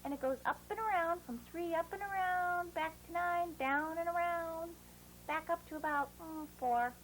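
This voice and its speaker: Very high-voiced woman teaching phonics. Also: fairly bright tone, a little hiss or hum, poor audio. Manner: slow, drawn-out letter sounds, coaxing children. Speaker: handwriting teacher for children. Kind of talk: children's phonics lesson.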